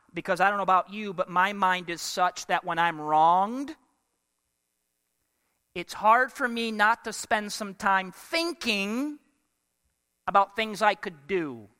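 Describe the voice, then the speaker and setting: A man's voice: sits high, sharp tone, clear, resonant tone, in a large hall. A man preaching a sermon as pastor, emphatic and full of rhetorical questions put to the congregation.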